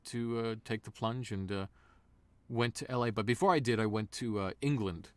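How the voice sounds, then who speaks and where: A man guest voice actor in a casual interview, an animated storyteller. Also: fairly low pitch, normal speed, clear, resonant tone, dry recording.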